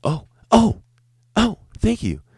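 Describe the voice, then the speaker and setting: A man doing a high, gasping, squeaky voice of a startled older man, like a gremlin. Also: huge pitch swings, slow, darkish tone, husky, dry recording, clean studio sound, full character voice.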